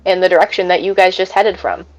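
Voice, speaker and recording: A woman's voice: fairly low pitch, fairly even intonation, quick pace, a little mellow, soft background music, poor audio. A woman narrating as game master of a tabletop game, hesitant with many fillers.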